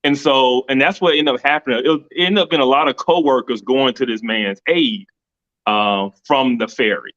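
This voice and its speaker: A man's voice: medium pitch, moderate pace, a bit bright, lo-fi sound. A middle-aged man co-hosting a casual livestream discussion, retelling events in a rambling way with many restarts. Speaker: co-host. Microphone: video call.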